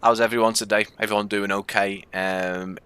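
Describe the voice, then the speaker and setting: A Scouse man streaming a flight game, chatting casually and rambling with plenty of ums. His voice is low and fairly flat in tone, yet bright and crisp. It sounds like relaxed commentary to a live audience. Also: moderate pace, no echo. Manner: casual and rambling, with many fillers.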